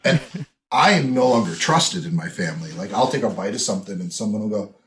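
A man's voice: on the low side, animated, fast talker, noisy background. A man from Wisconsin with a mild Wisconsin accent, telling rambling stories full of fillers in casual podcast chat. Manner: rambling storyteller, many fillers. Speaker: podcast co-host.

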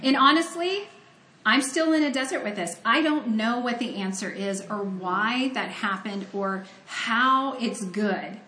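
A woman's voice: a little high, unhurried, sharp tone, reverberant, slight background noise. A woman from Ohio giving a conversational, earnest sermon that mixes scripture reading with personal storytelling. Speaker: preacher.

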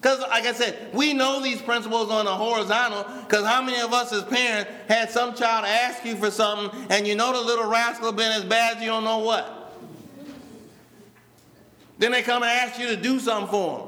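Male pastor, sermon delivery with slow drawn-out emphasis, sharp bright tone, long church reverb. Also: very high-pitched, steady tone. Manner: addresses a responding congregation.

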